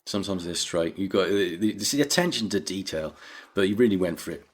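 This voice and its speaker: Male podcast co-host, lowish voice, rambling and sweary banter. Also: a little fast. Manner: rambling, sweary, laughs easily. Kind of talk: casual comedy chat.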